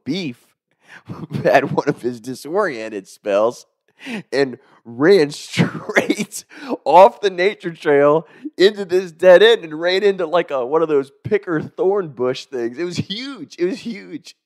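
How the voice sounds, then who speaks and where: A man's voice: fairly high pitch, takes it slowly, no echo, clean studio sound. A man casually telling a funny story, chuckling as he goes and swearing freely. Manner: chuckles through the telling, profane, animated.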